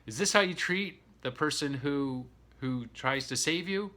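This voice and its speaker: A man's voice: on the high side, a little slow, bright, forceful tone, voice pushed up. A man voicing a young boy in a spoken folk tale, pleading and indignant.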